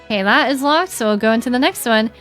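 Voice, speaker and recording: A young woman chatting casually while streaming a game, animated and giggly, with lots of "like" fillers. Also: a little high, quick pace, soft background music.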